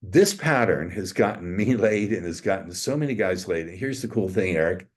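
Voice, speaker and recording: A man giving an interview as a dating coach, telling a story in a slow, suggestive way with drawn-out emphasis on key words. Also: sits low, animated. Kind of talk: interview, demonstrating hypnotic language patterns.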